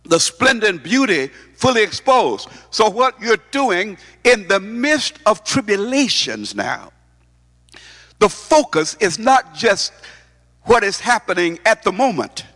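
Male preacher, high voice, emphatic sermon delivery, long hall reverb. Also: fairly bright tone. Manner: emphatic, repeats words, asks the congregation questions.

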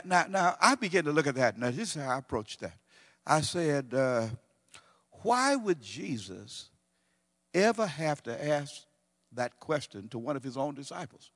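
Preacher with a dramatic, swinging delivery. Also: male voice, fairly high pitch, animated, a bit bright, in a large hall. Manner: preaching with dramatic swings of volume and pace, drawn-out quotes. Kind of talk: sermon.

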